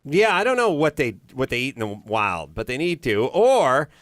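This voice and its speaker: A man's voice: medium pitch, very animated, normal speed, fairly bright tone, no room sound. Podcast host guy ranting, lots of swearing, voice jumps all over, dry studio sound. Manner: profane, riffing tangents. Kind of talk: comedic rant.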